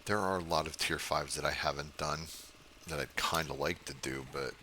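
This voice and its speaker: Older man, gameplay commentary, low and bright-edged voice, grumbly and cussing, faint room hum. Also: fairly even intonation, normal speed. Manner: grumbling, profane, frustrated. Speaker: game streamer.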